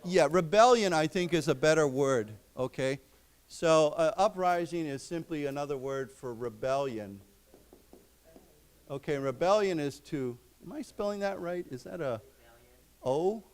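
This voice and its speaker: A man's voice: fairly high pitch, lively intonation, clear, resonant tone. Man teaching English words. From United States. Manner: explains words slowly, repeats them. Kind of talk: lecture. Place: library lecture room.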